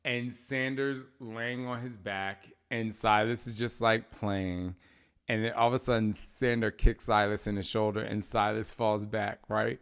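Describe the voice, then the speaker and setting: A man hosting a casual chat with his husband, telling animated stories and acting out voices. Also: on the low side, unhurried, vocal fry, clear, resonant tone. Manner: animated storyteller, acts out kids' voices. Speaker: podcast host.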